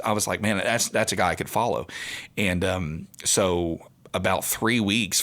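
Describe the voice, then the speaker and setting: A man in his forties with a very low voice. He chats on a podcast as co-host and worship leader. He tells his story in an earnest, rambling way. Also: a bit bright. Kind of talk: casual chat.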